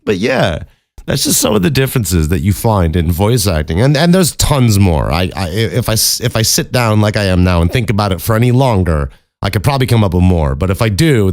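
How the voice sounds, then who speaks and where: Male podcast host, deep voice, dry booth sound, loose swearing ramble. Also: darkish tone, no room sound. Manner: candid, profane, rambling with frequent restarts. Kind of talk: casual solo podcast talk.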